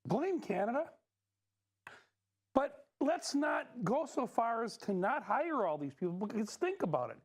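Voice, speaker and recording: A woman playing a scheming, high-voiced marketing boss. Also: sing-song, measured pace. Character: scheming female marketing head. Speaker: improv performer. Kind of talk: improv comedy scene.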